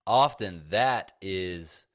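A man's voice: low voice, very slow, a bit bright. A man co-hosting a podcast, speaking earnestly and reflectively about his feelings in casual chat. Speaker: podcast co-host.

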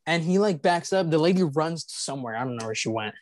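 Speaking quickly in a slightly high, expressive voice, a young podcast host retells a story casually and with laughter. He rambles, filling it with fillers and restarts.

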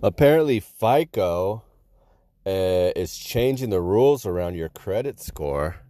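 A man's voice: low voice, animated, a little slow, dark tone. A man hosting a comedic news monologue in a sarcastic, crude, self-mocking way, sick with a stuffy nose.

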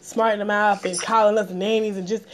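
A woman's voice: mid-range voice, flat delivery, fairly quick, a little hiss or hum. A woman talking bluntly and passionately in a casual podcast chat, often repeating words when worked up.

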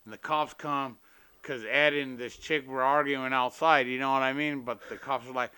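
A man's voice: mid-range voice, steady tone, normal speed, bright, forceful tone, clean tone. A man hosting a podcast in casual chat, laid-back and slangy, swearing freely as he tells stories. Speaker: podcast host.

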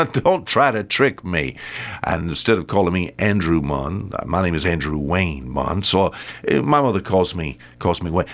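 An older man preaching a sermon in a folksy, repetitive way, rising to emphatic bursts on key words. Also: sits low.

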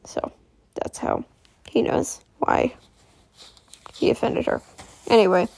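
A woman's voice: on the high side, slow, gravelly, a little mellow, husky, no room sound. A woman casually recapping a TV episode, rambling with lots of "um, anyway" and correcting herself as she goes.

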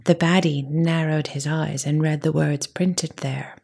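A woman narrating a children's story, often in a soft half-whisper with playful emphasis and a breathy, husky voice. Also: sits low, fairly even intonation, a little slow, hardly any pauses.

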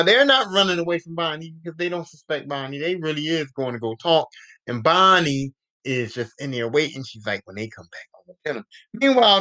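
A man's voice: on the high side, pushed and bright. A male podcast host giving a casual, profane, rambling recap of a TV show.

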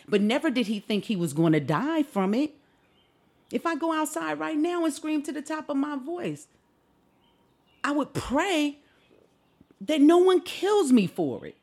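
A woman's voice: high-pitched, animated, unhurried, a little mellow, husky. A woman hosting a solo podcast, talking in an impassioned, indignant way and asking rhetorical questions. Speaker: podcast host. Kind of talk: opinionated solo podcast commentary.

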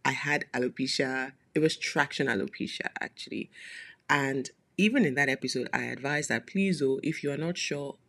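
Chatty podcast host with vocal fry. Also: medium pitch, normal speed, a bit bright. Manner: chatty, playful asides with frequent laughs. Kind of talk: casual solo podcast monologue.

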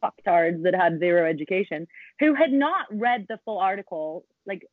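A woman's voice: fairly low pitch, lively intonation, normal speed, no room sound. A woman, a podcast guest chatting bluntly and animatedly over a remote call, swearing freely. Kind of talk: casual interview chat. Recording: tinny phone-like call audio.

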